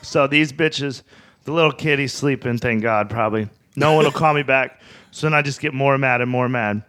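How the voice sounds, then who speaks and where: A man telling a wild story on a podcast, swearing freely and acting out his own lines loudly. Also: medium pitch, moderate pace. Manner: profane, animated, acts out quotes loudly. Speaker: guest comedian. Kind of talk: casual storytelling.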